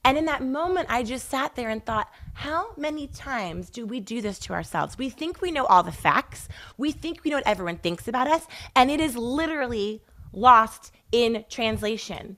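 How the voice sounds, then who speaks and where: A woman hosting a podcast interview, telling stories in an animated, emphatic way. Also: a little high, moderate pace. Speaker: podcast host. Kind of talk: casual interview chat.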